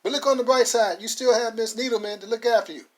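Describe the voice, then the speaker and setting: A man voicing a grateful young man saying a heartfelt goodbye, pitched higher and louder than his own narration. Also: steady tone, quick pace.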